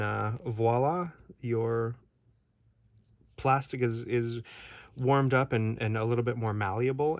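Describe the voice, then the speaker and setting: A toy collector vlogger with a lowish voice rambles casually through an unboxing review at home. He's chatty, restarting often and wandering into asides, and the recording has no echo.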